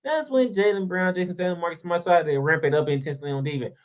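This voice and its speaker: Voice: medium pitch, quick pace. A sports show host delivering a heated solo rant, sarcastic and casual, firing off rhetorical questions and repeating points for emphasis.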